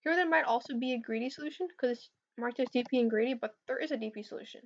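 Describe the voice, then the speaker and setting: A woman's voice: fairly high pitch, very fast. Hesitant young woman streaming coding tips. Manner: hesitant, filler-heavy, answers chat questions. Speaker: competitive programming streamer. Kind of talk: casual livestream Q&A. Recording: slightly dull lo-fi stream audio.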